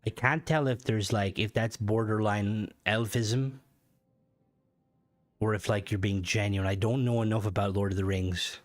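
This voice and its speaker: A man's voice: fairly even intonation, measured pace. Rambling, foul-mouthed male streamer. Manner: rambling and profane, many fillers, jumps up in pitch when worked up. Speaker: game streamer. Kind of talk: casual live-stream chat.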